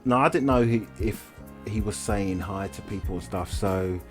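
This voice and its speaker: A man's voice: on the low side, moderate pace, music in the background. A man co-hosting a comedy podcast, telling a story in a laid-back way and acting out the quotes. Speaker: podcast co-host. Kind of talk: casual comedic chat.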